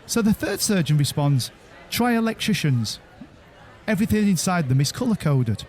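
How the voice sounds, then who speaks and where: A man co-hosting a podcast in casual chat, telling jokes with halting restarts. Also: sits high, sing-song, darkish tone. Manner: halting, stammering restarts, chuckling joke teller. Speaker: podcast co-host.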